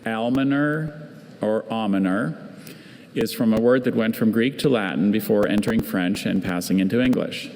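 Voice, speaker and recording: A man, the pronouncer at a spelling bee, reading definitions and word origins in a measured, patient way. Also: lowish voice, a little mellow, slight background noise. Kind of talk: reading word information aloud. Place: large competition hall. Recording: hall reverb, faint ambience.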